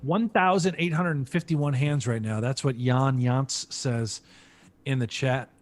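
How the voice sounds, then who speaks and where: A man's voice: mid-range voice, measured pace, faint music behind. A man commentating a live poker stream, chatty and joking, thinking aloud between hands.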